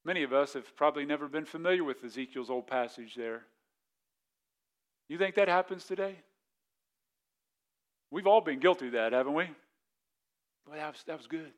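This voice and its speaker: A man, a pastor, preaching a sermon, reading scripture slowly and then pressing his point with rhetorical questions and repeated words. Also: fairly high pitch, fairly bright tone.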